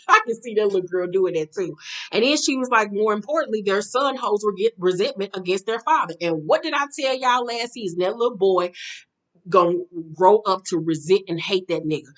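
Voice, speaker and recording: A woman talks through a reality TV episode in a loose, chatty recap. Her voice sits at an ordinary middle pitch. She is blunt and profane, laughs often and acts out the people she quotes. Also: a bit bright. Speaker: reality show recap host. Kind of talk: casual reality TV recap commentary.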